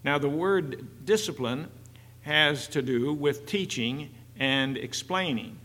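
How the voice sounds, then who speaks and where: A man preaching a sermon in an earnest, halting way, with frequent fillers. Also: fairly high pitch, bright, forceful tone. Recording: long hall reverb.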